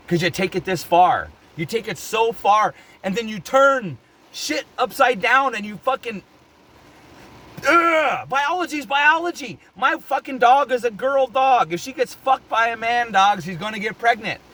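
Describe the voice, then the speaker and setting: A man's voice: high voice, animated, moderate pace, a bit bright. A man ranting to camera in a heated opinion vlog, angry, worked up and swearing constantly. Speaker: vlogger.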